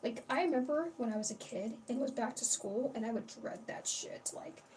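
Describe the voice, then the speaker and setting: A woman's voice: a little high, moderate pace, darkish tone. A young woman hosting a casual livestream, rambling and chatty, swearing freely and greeting her chat as she talks. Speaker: livestream host. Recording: distant mic with faint background noise.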